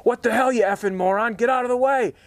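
A man voicing an angry man in a canoe who yells insults at another boat. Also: extremely high pitch, quick pace, no echo, pitched above the performer's own voice. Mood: angry yelling. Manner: yelling insults. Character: furious cursing man paddling a canoe.

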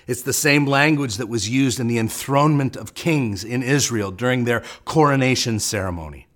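A man's voice: medium pitch, moderate pace, a bit bright. A man preaching a sermon as pastor, in an earnest way, often repeating a word as he starts a phrase.

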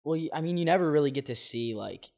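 A man's voice: a little high, lively intonation, fast talker, vocal fry, darkish tone. Hesitant man hedging his views. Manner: hesitant, hedging, many fillers. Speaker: podcast guest. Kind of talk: casual sports chat.

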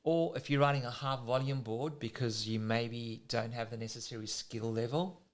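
Speaking at a moderate pace in a medium pitch, a man with a South African accent coaches surfing technique casually. He grows excited as he explains, leaning on everyday comparisons.

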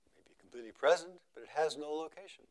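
A man giving a slow, measured talk at a meditation retreat, repeating phrases for emphasis and letting his voice fall quiet at the ends of thoughts. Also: on the high side. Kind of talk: contemplative dharma talk.

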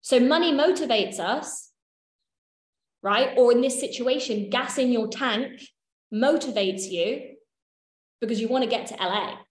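She speaks a little high and unhurriedly, pausing often, as she leads a workshop in an echoey room. Her teaching is casual and chatty, peppered with offhand swearing and checks that the group follows.

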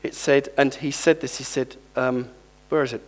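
A male preacher giving a sermon, reading scripture aloud and lively calling on the congregation to respond. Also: mid-range voice, normal speed.

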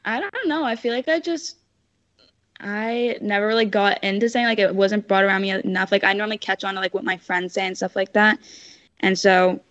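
A woman's voice: medium pitch, a little fast, a bit bright, no room sound. A teenage girl from Canada, a podcast guest, chatting casually with many "like" fillers. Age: teens. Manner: chatty, lots of "like" fillers, giggly. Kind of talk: casual interview chat. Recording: dull, dry lo-fi sound.

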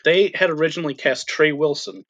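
A man's voice: fairly high pitch, a little fast, fairly bright tone, highs cut off. A man co-hosting a casual film podcast, talking thoughtfully with frequent ums and restarts. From Irish extraction. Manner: thoughtful, hesitant, many fillers. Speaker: podcast co-host.

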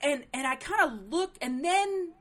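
A middle-aged woman telling a story in casual chat, animated and profane, jumping into a higher voice when she quotes people. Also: a little slow.

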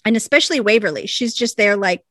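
A woman co-hosting a podcast, casually retelling a TV episode with lively asides. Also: mid-range voice, fast, no echo. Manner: animated retelling, quoting characters in voices. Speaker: podcast co-host recapping a TV episode. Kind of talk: casual chat. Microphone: desk microphone.

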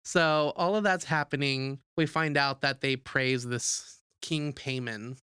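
A young adult podcast co-host recapping a horror movie in casual, profane, jokey talk, acting out the characters in quick asides. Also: medium pitch, clear, resonant tone, no echo, studio quality. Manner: animated, profane, jokey storytelling.

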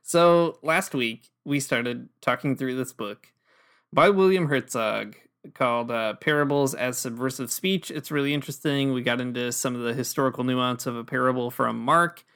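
A man co-hosts a podcast in loose, casual chat. His voice sits at an ordinary middle pitch, and he talks in an easygoing, joking way with plenty of fillers. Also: normal speed, a bit bright, clear, resonant tone. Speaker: podcast co-host.

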